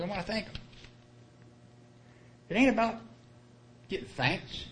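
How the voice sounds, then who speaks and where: Man, slightly high voice, earnest recovery-meeting share, folksy and repetitive, faint hiss behind. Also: lively intonation, fairly quick, a bit bright. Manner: earnest, colloquial, repeats key phrases. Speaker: speaker sharing his story at a recovery meeting. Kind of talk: plain-spoken personal testimony.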